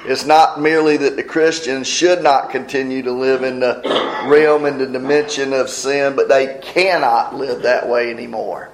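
A man's voice: medium pitch, steady tone, moderate pace. Folksy male preacher in an echoey room. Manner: folksy, explains scripture verse by verse. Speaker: pastor. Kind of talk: sermon.

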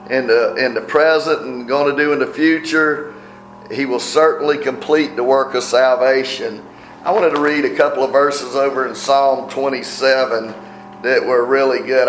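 A man's voice: medium pitch, fairly bright tone, a little hiss or hum. A man preaching a sermon in a conversational teaching manner, often checking in with his listeners. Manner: conversational teaching, tag questions. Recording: roomy echo with faint music.

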